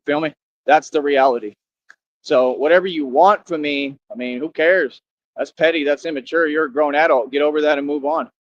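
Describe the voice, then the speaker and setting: Boastful young man, a bit high, lo-fi. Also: fairly even intonation, moderate pace. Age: young adult. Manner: boastful and confrontational, full of slang. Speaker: vlogger. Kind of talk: defiant monologue to the camera. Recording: dull lo-fi sound.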